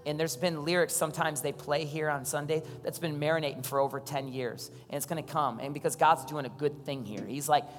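A man's voice: fairly high pitch, fairly even intonation, a little fast, hardly any pauses, slight background noise. A man preaching as a pastor, telling stories conversationally and asking the congregation questions. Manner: conversational storytelling, asks the crowd questions. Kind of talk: sermon. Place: church hall. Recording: long hall reverb with soft keys.

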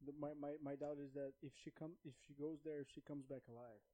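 A man's voice: fairly high pitch, steady tone, fast, a crowd in the background, low-quality recording. A man dropping dry, joking remarks in a casual podcast conversation. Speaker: podcast guest.

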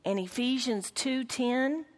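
A woman's voice: a little high, slow. Earnest woman teaching in a reverberant room. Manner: earnest, questioning the group, reads quotes aloud. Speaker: Bible study teacher. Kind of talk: Bible lesson teaching with read-aloud quotes. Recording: long reverb of a large room.

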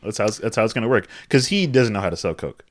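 A man casually summarizing a movie's plot for a co-host with quick, dry asides. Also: on the low side, expressive. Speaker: podcast co-host. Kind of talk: casual movie recap chat.

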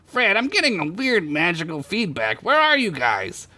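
A shrill, excitable young techie, as a male storyteller puts him on. He shouts in a raised, squeaky register for a comic fantasy tale. The recording is dry and close. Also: normal speed, dry recording, full character voice. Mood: annoyed. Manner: high yelping exclamations.

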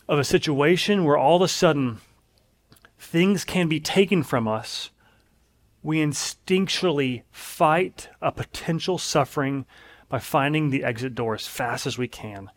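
A man preaching a sermon in an earnest, emphatic way, leaning on repeated phrases. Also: a little high.

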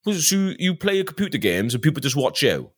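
A man putting on the voice of an unimpressed, sneering male cameraman who asks flat, dismissive questions. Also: on the high side, a little fast, pitched above the performer's own voice. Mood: blunt.

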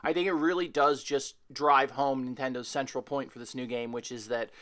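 A man's voice: mid-range voice, steady tone, fairly quick, a bit bright. A man co-hosting a casual comedy podcast, riffing with mock-serious, absurd asides and plenty of hesitant fillers. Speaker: podcast co-host.

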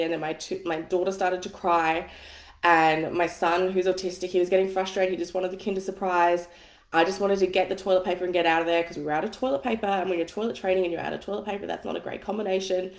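A woman, coaching on money mindset and telling a personal story in a candid, chatty way, swearing casually. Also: medium pitch. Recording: echoey room.

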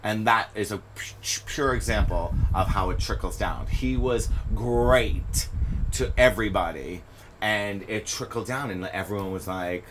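A man guest on a podcast, telling stories in a casual interview, animated and often laughing as he acts out what people said. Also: lowish voice, a little slow, background noise. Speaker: podcast guest, stage performer.

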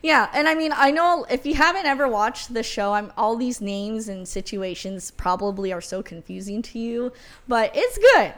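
Chatty woman cohost, kinda high voice, laughs a lot, says what she thinks. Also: animated, normal speed. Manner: chatty, laughs often, blunt. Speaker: podcast co-host. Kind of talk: casual chat.

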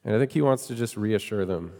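A man's voice: on the low side, expressive, fast, a little mellow, in a large hall. A man preaching a sermon in a conversational way, often asking his listeners questions. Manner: conversational, asks the congregation questions. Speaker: pastor.

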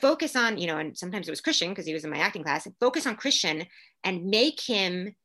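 A woman actor, a guest in a casual interview, talking emphatically and building her points in quick chains. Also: fairly low pitch, sing-song, pushed and bright.

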